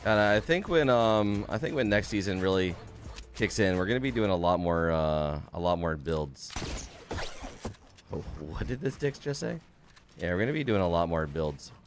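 A man's voice: low voice, lively intonation, normal speed, soft background music. A young man streaming a game, chatting casually and upbeat, greeting viewers by name and swearing now and then. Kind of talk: casual live-stream chat.

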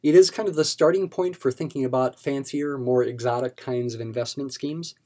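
A man explaining a math problem step by step in a recorded lesson. His pitch sits in the middle range, and his delivery is patient and methodical. He keeps coming back to key terms for emphasis. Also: moderate pace, dark tone. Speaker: math instructor.

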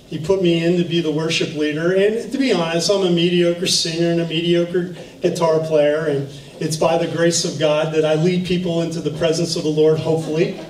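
High-voiced preacher in an echoey church. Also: male voice. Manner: storytelling, animated, with laughs. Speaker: pastor. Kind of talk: sermon. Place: church sanctuary. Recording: echoey room from far off, faint noise.

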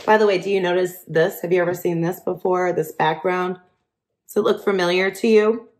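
A woman's voice: lowish voice, normal speed, a little hiss or hum. A woman teacher reading a picture book aloud to children, chatty and asking the listeners questions as she goes. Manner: chatty, asks listeners questions, laughs often.

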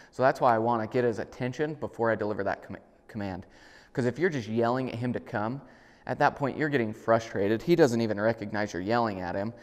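A man demonstrating dog training indoors, explaining casually and calling out upbeat commands to his dog. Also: in a large hall. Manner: relaxed explaining, bursts into high, loud, upbeat dog commands. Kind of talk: casual instructional talk. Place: indoors in a house.

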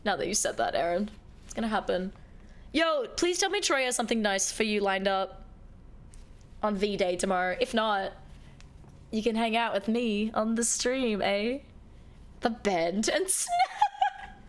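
A woman's voice: medium pitch, moderate pace, pauses often. A woman chatting playfully with her viewers while streaming a game. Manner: playful, chatty, talking to chat. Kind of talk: casual live-stream chat.

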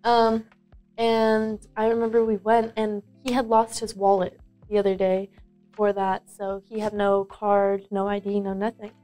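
A woman's voice: medium pitch, completely flat delivery, moderate pace, warm tone, faint music behind. Rambling young woman telling stories. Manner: rambling, filler-heavy storytelling. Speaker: student guest. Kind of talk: casual interview chat. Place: school.

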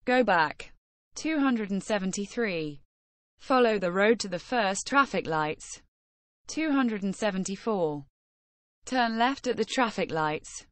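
Female lesson reader: very slow, precise enunciation, dry close recording. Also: mid-range voice, expressive, no room sound. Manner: measured, carefully enunciated phrase-by-phrase reading. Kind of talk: reading numbered practice phrases.

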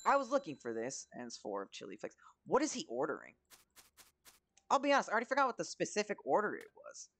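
Gravelly young man narrating gameplay. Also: high-pitched, wildly swooping pitch, quick pace, a bit bright, dry recording. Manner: chatty, swears, talks to himself. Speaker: gaming commentator. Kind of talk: casual let's-play commentary.

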